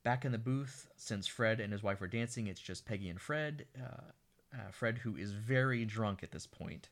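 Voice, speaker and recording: A man's voice: lowish voice, normal speed, a bit bright. A man co-hosting a casual podcast, recapping an old film scene by scene and acting out the characters' lines. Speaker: podcast co-host. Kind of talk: casual movie recap chat.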